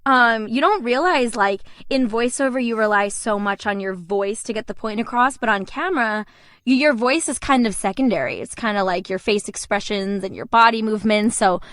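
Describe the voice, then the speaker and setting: A woman's voice: on the high side, expressive, normal speed, fairly bright tone, no echo, studio quality. A young adult woman, a voice actor, telling stories in a casual interview and laughing often. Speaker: voice actor guest.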